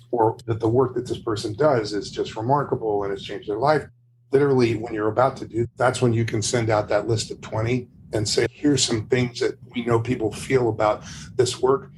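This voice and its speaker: A man's voice: fairly low pitch, noisy background. A man who is a guest on a podcast, telling stories with enthusiasm over a video call. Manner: enthusiastic, storytelling with acted quotes. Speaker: podcast guest, brand consultant. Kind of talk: casual interview chat.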